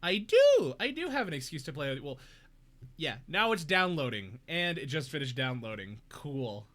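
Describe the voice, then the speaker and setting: A man's voice: on the high side, very animated, normal speed, fairly bright tone. A young man chatting casually on a live stream from his home, giggly and rambling. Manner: giggly, rambling, self-deprecating. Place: home room.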